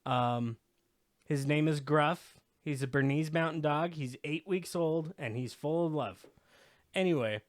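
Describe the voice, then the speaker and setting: A man with a higher-pitched voice speaks at a measured pace in a studio-quality recording with no echo. He co-hosts a podcast, telling rambling, profanity-laced stories in casual conversation.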